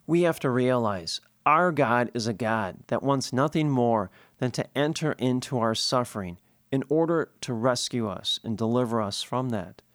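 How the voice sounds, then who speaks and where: A man's voice: mid-range voice, no echo, clean studio sound. A priest giving a sermon, explaining scripture earnestly and posing questions he then answers himself.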